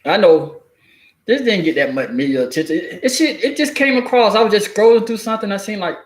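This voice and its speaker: High-voiced man in an echoey room. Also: animated, fairly quick. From southeastern US. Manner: slangy, rambling, laughs between phrases. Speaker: vlogger. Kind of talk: casual commentary to camera.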